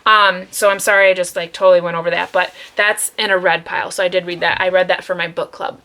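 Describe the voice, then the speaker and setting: A woman's voice: on the low side, little pitch movement, quick pace, sharp tone. A woman vlogging about her books at home, chatting casually and rambling with lots of fillers. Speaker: book vlogger. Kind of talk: casual chat. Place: room at home.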